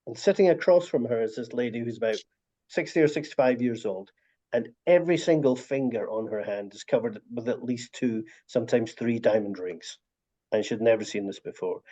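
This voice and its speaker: A man's voice: medium pitch, a little fast. A man telling stories in a casual video call chat, with many restarts. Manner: warm storytelling, frequent restarts. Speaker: author and story collector. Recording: dull lo-fi video call audio.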